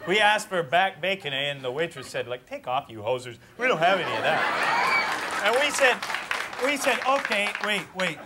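A man playing a dopey Canadian hoser with a Canadian accent, rambling and halting with "uh" and "eh" in a talk-show comedy bit. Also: sits high, sing-song, a loud crowd. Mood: goofy. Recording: TV studio with loud audience noise.

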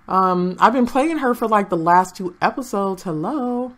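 A woman's voice: mid-range voice, expressive, moderate pace, fairly bright tone. A young woman chatting through her gameplay and talking to the game characters. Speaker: gaming channel host. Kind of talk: casual gameplay commentary.

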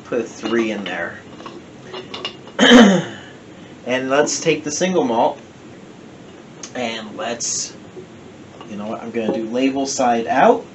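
A man with a New Jersey accent talks slowly and loosely, drifting off and correcting himself mid-sentence. It is a relaxed home review, told at an easy, unhurried pace. A faint ambient hum sits behind him. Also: medium pitch. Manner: rambling, self-correcting, chatty. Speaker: whiskey reviewer. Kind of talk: casual home review vlog. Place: home den.

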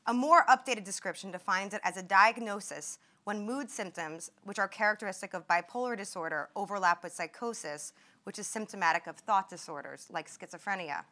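A young woman reads passages from her memoir to an audience, with a measured, vivid delivery. Her voice is bright and forward, and her pitch sits in an ordinary middle range. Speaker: author and former patient. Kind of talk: reading from her memoir at a talk.

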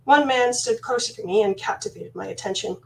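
A woman's voice: mid-range voice, brisk, gravelly, darkish tone, distant mic, low-quality recording. Woman narrating slightly off-mic. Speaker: author reading her novel. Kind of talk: first-person fantasy narration.

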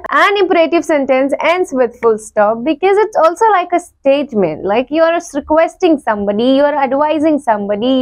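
A woman teacher, explaining a grammar lesson slowly and repeating each example. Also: high-pitched.

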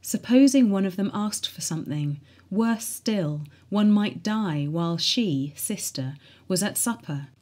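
A woman reading a diary aloud in a measured, earnest way. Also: medium pitch, animated, a little mellow.

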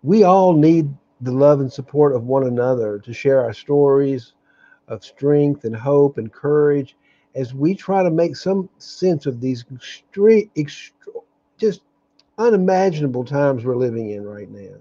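The earnest, medium-pitched host of a daily live meditation stream gives a spiritual talk over dark, dull webcam audio. He is openly angry and halting, with frequent restarts.

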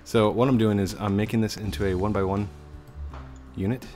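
A man's voice: fairly low pitch, steady tone, brisk, darkish tone, soft background music. A man hosting a gaming video, joking, laughing often and explaining each step as he plays. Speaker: gaming channel host. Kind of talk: casual gameplay chat.

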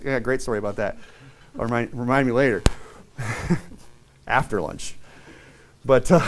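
A man preaching a sermon, reading scripture slowly and dramatically and then telling stories in a lively, casual way. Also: mid-range voice. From Caribbean island. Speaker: pastor.

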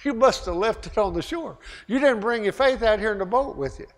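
A man preaching a sermon as pastor, emphatic, with repeated rhetorical questions and loud peaks. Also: high-pitched, animated, brisk. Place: church sanctuary. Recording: long hall reverb.

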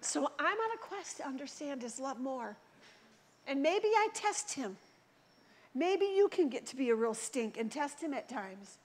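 Woman preacher, high voice, lively storyteller who plays out the dialogue, church sermon. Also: unhurried. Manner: animated storytelling, acts out quoted voices.

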